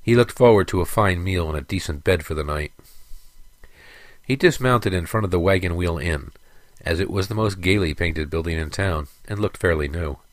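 Casting: male storyteller, very low voice, dry close recording, steady pacing. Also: normal speed, dry recording. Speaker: narrator. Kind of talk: scripted fantasy narration.

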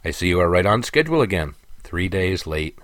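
A man's voice: sits low, very animated, a little fast, a bit bright, dry recording. A man doing a wry, stern merchant. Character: stern middle-aged male merchant, dry and wry.

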